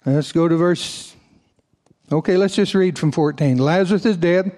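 A man's voice: a little high, moderate pace, darkish tone. A male pastor preaching a sermon, reading scripture aloud and breaking off for folksy asides to his congregation. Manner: raises his voice for emphatic passages.

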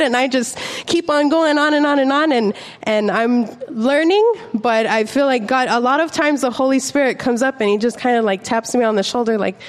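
A young woman giving an earnest, chatty sermon, reading scripture slowly and telling a personal story. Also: a little high, long reverb tail. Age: young adult. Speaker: preacher.

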